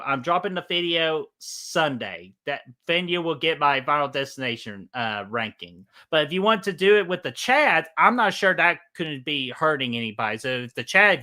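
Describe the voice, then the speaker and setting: Bright-voiced Southern man chatting on stream. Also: on the high side. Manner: greets chat by name, laughs often, swears casually. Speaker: co-host of a live Q&A stream. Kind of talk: casual live stream chat.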